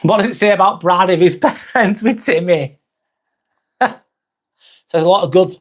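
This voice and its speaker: Middle-aged English male streamer, a bit high-pitched, casual and candid, reads chat aloud. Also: a little slow. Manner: candid, rambling, reads viewer comments aloud. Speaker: live-stream host.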